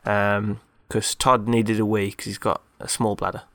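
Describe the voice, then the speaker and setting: A man's voice: on the low side, little pitch movement, moderate pace, fairly bright tone, dry recording. A man, hosting a casual chat and telling a story in a rambling way, full of fillers. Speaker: podcast co-host.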